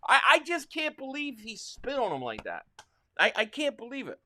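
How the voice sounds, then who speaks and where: Here the livestream host's very high voice swoops wildly in pitch, pushed and bright, at a moderate pace. The Philadelphia-area man reacts to football live, rambling in frustration and reading out super chats from viewers.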